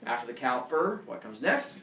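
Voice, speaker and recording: A man's voice: medium pitch, very animated, normal speed, fairly bright tone, a little hiss or hum. A man teaching a class, telling a myth playfully and quizzing his pupils as he goes. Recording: echoey classroom from far off.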